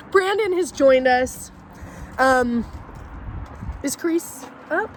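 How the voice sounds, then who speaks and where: A woman with a high voice tells a story straight to her camera, chatty and animated. A faint hum sits behind her. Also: drawn-out words, poor audio. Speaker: vlogger. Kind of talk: casual storytime.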